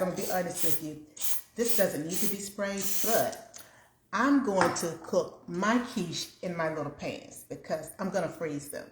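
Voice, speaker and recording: A woman's voice: fairly low pitch, background noise. A woman hosting a home cooking video, chatting casually with viewers as she works in her kitchen. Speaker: home cooking show host. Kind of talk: casual cook-along chat. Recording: echoey kitchen room.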